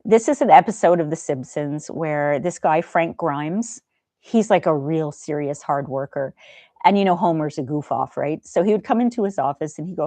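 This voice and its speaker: Middle-aged woman chatting on a live stream, soft easygoing talk, a bit low, dry sound. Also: normal speed, no room sound. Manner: gentle, chatty, reads viewer comments aloud. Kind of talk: casual live-stream chat.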